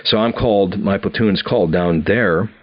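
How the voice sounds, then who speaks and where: Deep-voiced man telling a war story. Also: moderate pace, muffled recording. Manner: rambling, many "you know" fillers and restarts. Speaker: company founder telling his army story. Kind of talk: casual storytelling.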